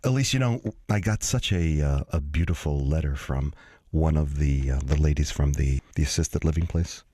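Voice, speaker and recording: A man's voice: extremely low pitch, moderate pace, mellow. A man co-hosting a radio show in casual, joking banter, often stumbling and restarting his sentences. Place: radio studio.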